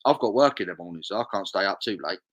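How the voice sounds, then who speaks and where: A man's voice: deep voice, animated, fast, highs cut off. A young man, hosting a charity live stream, casually reading viewer comments aloud and chatting along.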